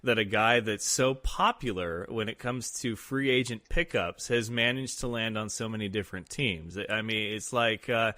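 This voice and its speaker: A man hosting a casual sports talk show, chatting and rambling in a lively way. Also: lowish voice, moderate pace, hardly any pauses, dry recording. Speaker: podcast host.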